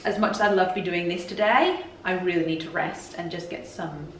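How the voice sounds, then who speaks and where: A woman's voice: fairly low pitch, a little fast, slight background noise. A woman vlogger chatting frankly and openly to camera. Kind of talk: casual chat to camera. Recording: roomy echo, voice from a distance.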